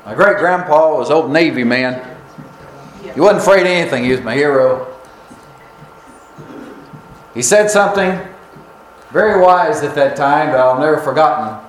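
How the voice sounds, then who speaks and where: Preacher telling a folksy story. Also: male voice, fairly high pitch, roomy sound, slight background noise, rough recording. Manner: folksy storyteller, drawn-out pauses. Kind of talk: storytelling sermon. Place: church.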